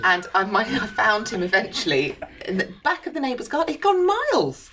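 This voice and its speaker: A woman co-hosting a podcast, telling stories in an animated, giggly way. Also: a little high, a little fast, noisy background. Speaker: co-host. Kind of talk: casual chat.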